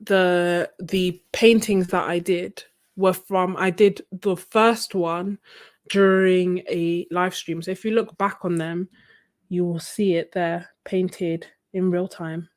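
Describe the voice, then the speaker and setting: Slow and lowish, with fairly even intonation, a woman talks casually while she paints during a livestream. She's an art livestreamer at her home desk using a phone microphone, and her talk wanders, with many fillers, restarts, and bursts of laughter.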